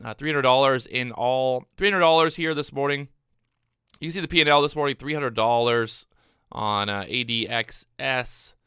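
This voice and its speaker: Bright, excitable man narrating trades. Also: medium pitch, normal speed, clear, resonant tone, no room sound, clean studio sound. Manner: excitable, repeats phrases, talks to viewers. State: out of breath, hyped up. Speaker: day trader streaming his trades. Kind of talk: live trading commentary.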